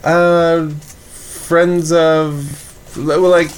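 A man's voice: on the high side, flat delivery, drawn-out words, clean tone. A man hosting a podcast in casual chat, rambling and joking with lots of filler. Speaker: podcast host.

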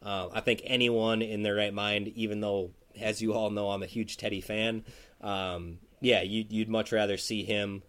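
A man's voice: lowish voice, level tone, moderate pace, fairly bright tone. A man co-hosting a sports podcast, talking casually and rambling with lots of fillers and restarts. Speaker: podcast co-host.

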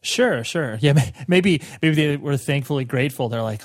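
A man's voice: on the high side, animated, normal speed, dry recording, studio quality. A man hosting a podcast, bantering casually and laid-back with friendly slang. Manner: laid-back, bro-ish banter, says "dude". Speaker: podcast host.

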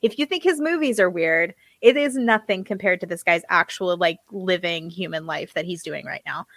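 A woman chatting casually on a podcast, laughing and throwing in quick asides. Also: lowish voice, a bit bright, no echo. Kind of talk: casual chat.

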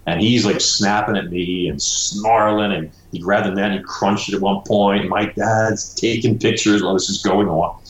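Man, very deep voice, author guest, animated storyteller, casual "you know" habit, echoey room. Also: normal speed, few pauses. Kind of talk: storytelling in a conversational interview.

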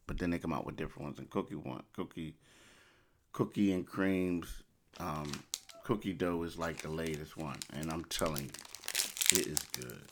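Deep-voiced animated podcast host man. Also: slight background noise. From Philadelphia. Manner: animated, repetitive, emphatic asides. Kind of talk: casual talk with ad reads.

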